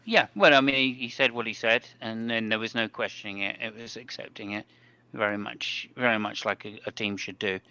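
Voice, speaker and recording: Bright-voiced man hosting a race chat. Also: lowish voice, fairly even intonation, a little fast, clear, resonant tone, dry recording, highs cut off. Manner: chatty, rambling with fillers. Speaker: podcast host. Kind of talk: casual race commentary chat.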